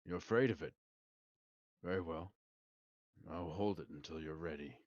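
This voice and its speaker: A man playing a stern, deep-voiced warrior. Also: normal speed, a little mellow, no room sound, lo-fi sound. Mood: solemn. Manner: clipped, formal in-character speech.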